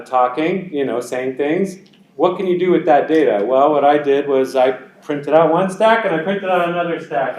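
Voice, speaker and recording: A man's voice: a little high, darkish tone, reverberant, rough recording. A man teaching a college class, explaining in a conversational way with everyday examples and asides. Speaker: college instructor. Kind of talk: lecture.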